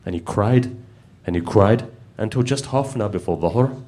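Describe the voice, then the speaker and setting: A man's voice: on the low side, moderate pace, dark tone. A man preaching, telling a story in a conversational way and putting questions to his listeners. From United Kingdom. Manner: conversational, asks the audience questions. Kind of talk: storytelling sermon.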